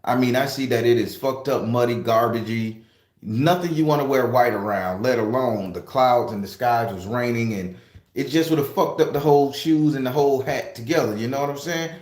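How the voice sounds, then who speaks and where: A man's voice: medium pitch, moderate pace. A man casually retelling a dream, rambling and swearing freely as he acts out what happened. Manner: profane, rambling, animated retelling. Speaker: tarot reader sharing a dream. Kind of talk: casual storytelling. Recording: echoey room.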